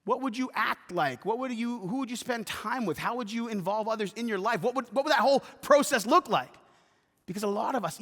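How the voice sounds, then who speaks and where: High, bright pastor preaching in a reverberant church. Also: male voice. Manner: animated, acts out shouting voices in his story. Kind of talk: sermon with storytelling. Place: church sanctuary.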